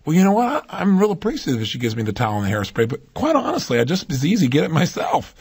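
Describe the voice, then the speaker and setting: A man with a husky, rough-edged voice delivers a motivational talk at a brisk clip. He speaks with emphasis and keeps turning to the listener with rhetorical questions. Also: on the high side, wildly swooping pitch, darkish tone.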